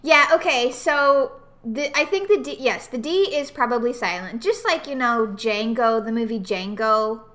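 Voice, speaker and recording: Podcast co-host, woman, somewhat high and bright voice, relaxed casual chat, laughs easily. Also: normal speed, few pauses. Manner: laughing, easygoing. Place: home, Tennessee.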